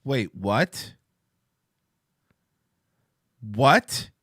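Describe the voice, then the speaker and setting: A man's voice: medium pitch, sing-song, very slow, a bit bright, no room sound. A man hosting a casual livestream talk show, rambling and profane, amped up on coffee. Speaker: podcast host.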